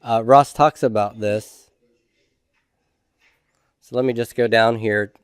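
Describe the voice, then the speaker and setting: A man's voice: mid-range voice, fairly even intonation, clear, resonant tone, no room sound, clean studio sound. A middle-aged man teaching a Hebrew grammar class, explaining step by step and often checking in with "okay?". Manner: slow, methodical, checks in with "okay?". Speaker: Hebrew instructor.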